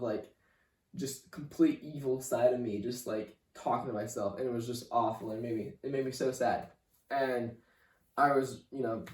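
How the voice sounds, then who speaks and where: A young man tells his faith testimony in a halting way, repeating words and leaning on "like". His voice sits in a middling register. The sound is echoey and he is set back from the mic. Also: medium pitch, darkish tone, recorded from a distance. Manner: halting, repeats words, leans on "like" and "you know". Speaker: podcast guest. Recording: roomy room, voice off-mic.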